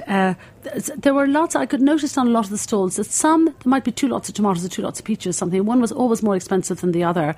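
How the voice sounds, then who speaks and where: Irish woman in her sixties, interview guest, meandering anecdotes, lowish voice. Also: darkish tone. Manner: rambling with many fillers and restarts. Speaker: cooking school founder, guest. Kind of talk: reflective anecdotal storytelling.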